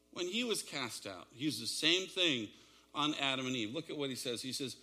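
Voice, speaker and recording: A man's voice: a little high, sharp tone. A man preaching a sermon, retelling a story dramatically with shifting pace and emphasis. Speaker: pastor.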